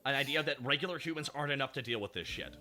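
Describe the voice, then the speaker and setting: A man hosting a live stream, chatting casually and telling stories in an excitable, animated way. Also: medium pitch, rapid-fire, soft background music. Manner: excitable, animated storytelling with swearing. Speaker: streamer host.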